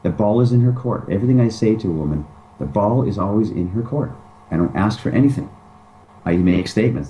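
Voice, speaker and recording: A man with a low, warm voice speaks as a guest in a relaxed interview. He is emphatic and often slips into acted-out pickup lines. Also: a little fast, slight background noise, rough recording. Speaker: dating advice guest. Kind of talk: casual interview talk.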